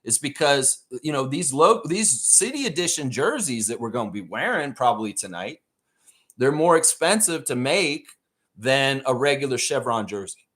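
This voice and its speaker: Animated man ranting on a fan show. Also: medium pitch, moderate pace. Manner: animated, ranting, swears freely. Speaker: podcast host. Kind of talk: casual live sports chat.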